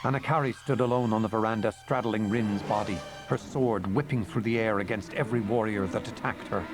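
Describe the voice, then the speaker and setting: A man reading a fantasy novel aloud in measured, dramatic narration. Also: on the low side, over music. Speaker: audiobook narrator. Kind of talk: scripted narration.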